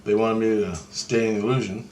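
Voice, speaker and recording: A man telling a rambling, profane first-person story of a vision, excitably acting out what others said to him. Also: lowish voice, brisk. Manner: profane, excitable storytelling that acts out quoted voices.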